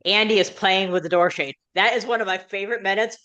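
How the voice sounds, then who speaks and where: A woman hosting a rewatch show, hard of hearing, recapping plot in quick run-on sentences. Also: mid-range voice, fairly bright tone. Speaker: podcast host. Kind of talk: episode recap and casual chat.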